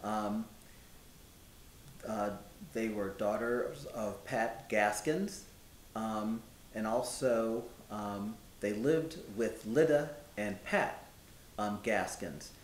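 A calm, respectful man of the 1790s, as a reenactor plays him reads off names and dates with steady pauses and frequent ums. His voice is on the low side. The recording is roomy, with a faint rumble underneath. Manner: measured, listing facts with many ums. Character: man giving news of freed neighbors, respectful and steady. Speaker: historical reenactor. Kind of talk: historical reenactment dialogue.

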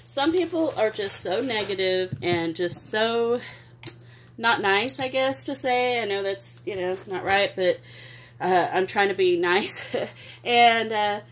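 A woman, gushing and sentimental as she opens craft mail in a casual vlog. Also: mid-range voice. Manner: gushing, sentimental, exclaims often. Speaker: craft vlogger. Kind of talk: casual unboxing chat.

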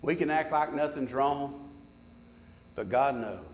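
A pastor preaching a sermon in church, swinging between loud high peaks and low, quiet asides. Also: male voice, unhurried, echoey room, a little hiss or hum.

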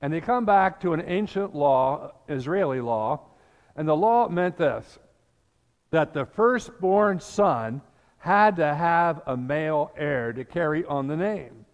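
An older male pastor delivers a storytelling sermon, acting out the people in his scripture story. He talks at an unhurried pace, his voice sitting a bit high for a man. The sound carries a long reverb from the church sanctuary. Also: expressive, highs cut off.

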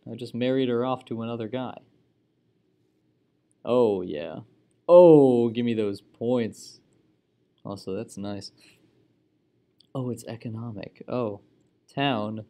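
A man hosting a gaming channel, talking through his game in a slow, unhurried way. His voice sits a little low, and he keeps up a chatty stream of reactions broken by frequent exclamations. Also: vocal fry, dark tone. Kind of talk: casual let's-play commentary.

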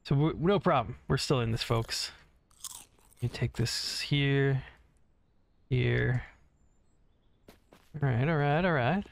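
A man's voice: mid-range voice, slow pace, creaky, pauses often. A man casually commentating his own gameplay, rambling, swearing freely and humming to himself as he plays, on a desk mic. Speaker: gaming channel host. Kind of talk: casual let's-play commentary. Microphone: desk mic separate from headset.

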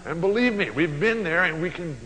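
A man in his sixties giving an animated keynote at a luncheon, telling stories and acting out voices. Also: on the high side, brisk, in a large hall, slight background noise, low-quality recording. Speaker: motivational speaker. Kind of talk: storytelling keynote speech. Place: banquet hall at a luncheon.

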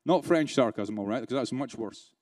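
A man's voice: mid-range voice, lively intonation, brisk, darkish tone, dry recording. A man with a British accent giving a live keynote at a conference, talking conversationally with rhetorical questions and dry sarcasm. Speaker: keynote speaker. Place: conference room.

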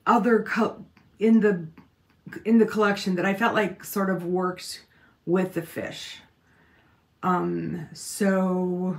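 Female vlog host, casual and meandering, with a husky, gravelly fry. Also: lowish voice. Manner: chatty, meandering, asks viewers for opinions. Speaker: quilting channel host.

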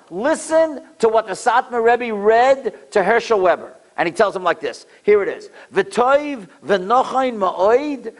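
A middle-aged man giving a storytelling lecture, animated and acting out voices in dramatic bursts. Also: high voice.

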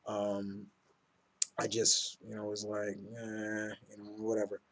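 A man's voice: on the low side, monotone, unhurried, a bit bright. A man casually reviewing comic books in a rambling, enthusiastic way with many fillers.

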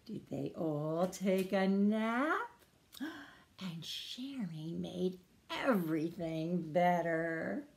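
A woman librarian reading a picture book aloud to preschoolers in a sing-song voice, pausing to ask the children questions. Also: on the low side, expressive, vocal fry. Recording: roomy echo.

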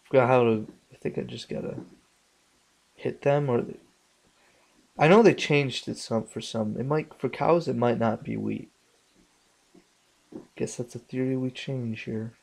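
A young man narrates his game session at an unhurried pace, muttering under his breath between outbursts. He swears freely and jumps loud when the game surprises him. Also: medium pitch, creaky. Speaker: gaming channel host. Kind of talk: casual let's play commentary.

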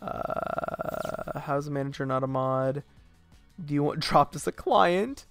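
A young man streaming a game live, giving excitable commentary full of profane trash talk. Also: a little high, takes it slowly, vocal fry, dry recording, faint music behind.

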